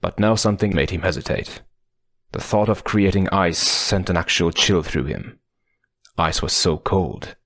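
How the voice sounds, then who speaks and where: A man narrating an adventure audiobook in a deep, low register with a gravelly, creaky texture. He reads in a measured, dramatic storytelling style. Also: a bit bright, dry recording, clean studio sound. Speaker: audiobook reader.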